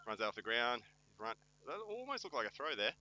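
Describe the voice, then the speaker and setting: A man calls a local football game with a very bright, forceful voice. He pokes fun at himself and his co-host in a wry, self-mocking way while following the play. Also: medium pitch, big pitch swings, fairly quick, highs cut off. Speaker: match commentator. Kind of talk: joking amateur sports commentary.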